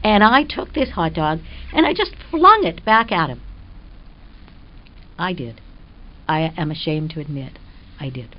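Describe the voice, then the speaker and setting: A woman's voice: deep voice, lively intonation, a little slow, long pauses. An older woman, a radio guest, telling an earnest, reflective personal story in a spiritual conversation. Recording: dull lo-fi radio sound.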